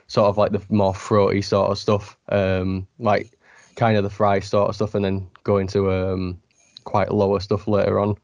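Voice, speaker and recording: A man with a low voice interviews a musician casually. He talks haltingly with lots of fillers and restarts, recorded dry with no room sound. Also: darkish tone, no room sound, muffled recording. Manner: hesitant, many fillers and restarts.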